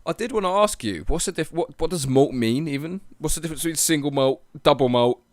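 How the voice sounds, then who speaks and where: Young podcast co-host, teasing and hesitant, dry close mic sound. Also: male voice, on the high side, fast talker, no echo. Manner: teasing, hesitant, curious questions. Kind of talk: casual chat. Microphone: own microphone.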